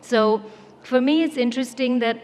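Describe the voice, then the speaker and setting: A woman's voice: on the high side, normal speed, darkish tone. A woman from India, a former lawyer speaking on a conference panel, telling a wry anecdote and acting out the quoted exchanges. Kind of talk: storytelling talk on a panel. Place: conference hall. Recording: echoey hall with faint noise.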